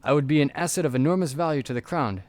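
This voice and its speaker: A man's voice: fairly high pitch, quick pace, darkish tone, dry recording, close to an everyday voice. A man reading aloud the lines of a young woman spy and former pickpocket in a game, in a lightly raised voice.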